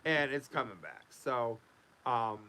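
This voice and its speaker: A man chats loosely to his viewers from home, full of "um"s and restarts as he drifts between updates. His voice is bright and pushed forward, with a middling pitch. It sounds like an easygoing vlog update. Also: big pitch swings, takes it slowly. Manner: rambling, loose, with many fillers and restarts. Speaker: YouTube host.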